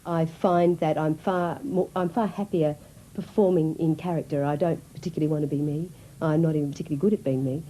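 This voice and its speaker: A woman with a low, very dark and mellow voice, thinking back on her work in an interview. She talks in a self-deprecating, reflective manner, with faint noise behind. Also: steady tone, fairly quick, rough recording. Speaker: comedic actress.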